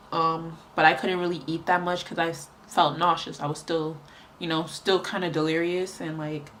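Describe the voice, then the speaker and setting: A woman's voice: on the low side, fairly bright tone, slight background noise. A young woman telling a rambling story in casual chat while doing her makeup, with lots of fillers. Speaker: beauty vlogger.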